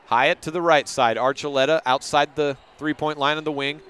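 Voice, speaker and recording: This man's intonation is fairly even, his tone fairly bright, clear and resonant. He's the local radio play-by-play voice for a high school girls' basketball game, brisk and now and then correcting names.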